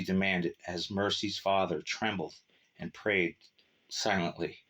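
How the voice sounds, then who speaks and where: A man narrating a short story in a measured, steady reading. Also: low-pitched.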